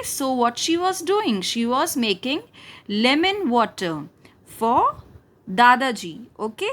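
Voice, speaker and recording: High, lively woman teaching young children. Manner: sing-song, asks questions then answers them. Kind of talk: reading and explaining a textbook lesson to young children.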